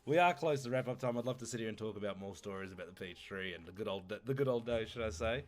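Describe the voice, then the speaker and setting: A man's voice: fairly low pitch, fast. A man hosting a podcast, chatting in a laid-back way, swearing and laughing easily. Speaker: podcast host. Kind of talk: casual chat.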